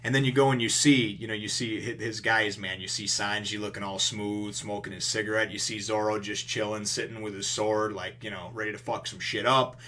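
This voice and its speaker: A man with a fairly low voice talks through a comic chapter as an informal reviewer. He rambles along, leaning on "you know" and the odd blunt swear word. The tone stays loose and conversational throughout. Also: fairly even intonation, brisk, hardly any pauses, sharp tone. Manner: rambling, heavy on fillers like "you know", emphatic and casually profane. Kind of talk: casual recap and commentary.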